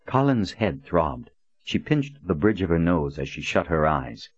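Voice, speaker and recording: A deep-voiced man reads an audiobook in a measured, even narration. The recording is dry and somewhat dull. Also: slightly rough, no echo. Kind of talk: scripted narration.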